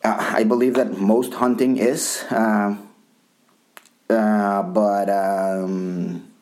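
A man's voice: fairly low pitch, little pitch movement, extremely slow, a little mellow. A man from Colombia co-hosting a podcast, rambling in casual chat with frequent restarts and casual swearing. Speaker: podcast co-host.

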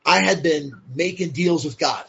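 A man's voice: fairly high pitch, moderate pace, creaky, a crowd in the background. A man guest telling his story candidly and bluntly, swearing freely and filling his speech with "like" and "you know". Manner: blunt and profane, many fillers like "like" and "you know". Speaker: podcast guest. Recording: dull lo-fi sound.

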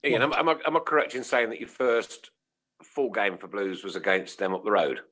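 A man hosts a talk show in a fairly low voice. His pitch swings widely as he jokes and teases his guests. The tone stays casual and playful. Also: a little fast. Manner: jokey, expressive, swinging up and down in pitch. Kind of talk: casual chat.

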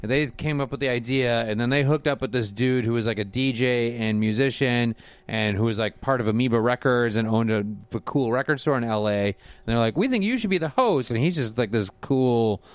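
A man's voice: medium pitch, fairly even intonation, fairly quick, clean tone, no room sound. A man in his thirties chatting casually as a podcast co-host, swearing freely and slipping into mock-exasperated asides. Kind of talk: casual chat.

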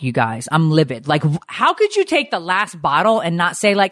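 A woman in her forties co-hosting a casual chat, telling stories in an animated way, swearing and jumping high in pitch when quoting herself. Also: fast, hardly any pauses, no echo, clean studio sound. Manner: animated storyteller, swears, jumps high for quoted lines. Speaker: podcast co-host.

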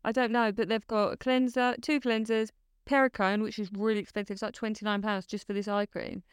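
A woman's voice: mid-range voice, level tone, brisk, clean tone, no echo, clean studio sound. A woman co-hosting a podcast, chatting eagerly and laughing often. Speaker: podcast co-host. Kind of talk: casual chat.

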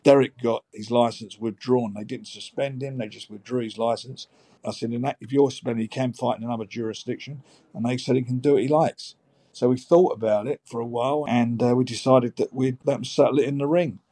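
A man's voice: medium pitch, fairly even intonation, fairly quick, mellow, dry recording. A man speaking as a boxing promoter in a documentary interview, recounting events in a matter-of-fact way.

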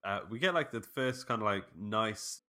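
A man's voice: on the low side, expressive, moderate pace, sharp tone. A man co-hosting a casual film podcast, rambling with many fillers. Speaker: podcast co-host.

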